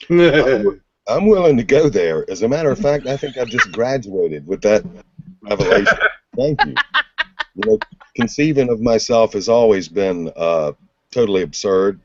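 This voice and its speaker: A man's voice: medium pitch, sing-song, normal speed, creaky, darkish tone, a little hiss or hum. A man joining a casual livestream chat as a guest, joking and self-mocking. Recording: dry lo-fi stream audio.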